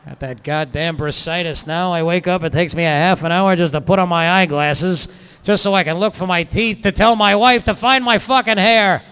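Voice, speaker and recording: Picture a grumbling, aging male football referee with a bright, pushy tone, griping through a blunt confession. His voice sits fairly high, as a stand-up comic acts him out. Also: steady tone, normal speed. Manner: gruff griping monologue. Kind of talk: stand-up character bit.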